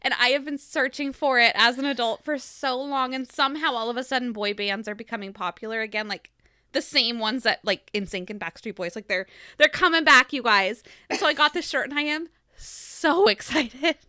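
A woman co-hosting a book podcast, chatting excitedly and rambling about small news. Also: fairly high pitch, brisk, clean tone, no echo, studio quality. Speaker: podcast co-host. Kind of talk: casual chat.

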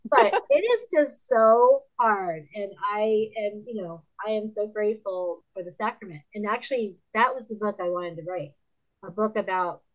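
A woman in her fifties, a podcast guest and author, telling candid stories in a lively way, laughing often and acting out other people's lines in a higher voice. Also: lo-fi sound. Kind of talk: candid conversational storytelling.

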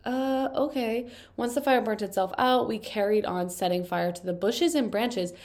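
A woman's voice: mid-range voice, a little mellow. Congested young woman, chatty and wry. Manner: quick, chatty, wry asides between read-out passages. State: congested from allergies. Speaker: video host reading and reacting to confession posts. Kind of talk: casual chat reading posts aloud.

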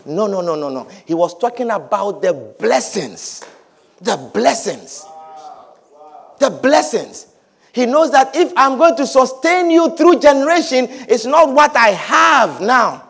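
A man preaching a sermon as a pastor, swinging between quiet, drawn-out words and shouted blessings. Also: high-pitched, big pitch swings.

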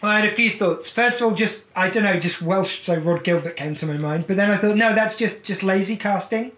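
A man's voice: high-pitched, a little fast, a bit bright, echoey room. A man answering quiz questions in casual chat, rambling and amused at himself. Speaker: quiz contestant.

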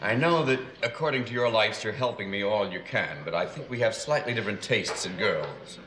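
A man's voice: fairly low pitch, lively intonation, brisk, a bit bright. An actor playing a fussy, refined man in a 1970s sitcom clip. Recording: sitcom clip with music, roomy.

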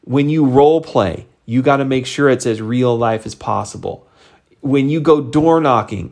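A middle-aged man giving a motivational talk to his sales team, conversational and animated, leaping up in pitch for emphasis. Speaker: sales team leader and coach.

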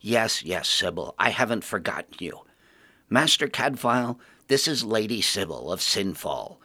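A man's voice: lowish voice, sing-song, measured pace, sharp tone, slightly rough, no room sound, full character voice. A man voicing a flamboyant vampire duke who speaks in a courtly, theatrical manner.

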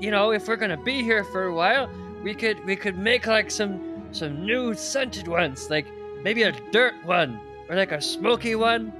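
A man playing his character in a tabletop game, rambling excitedly with many restarts. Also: high-pitched, moderate pace, music in the background. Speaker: player. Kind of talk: tabletop role-play in character.

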